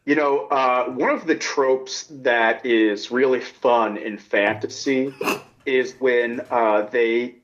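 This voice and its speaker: A man's voice: mid-range voice, steady tone, slow, fairly bright tone. A man in casual chat as a podcast co-host, spinning playful rambling theories. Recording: dull lo-fi sound.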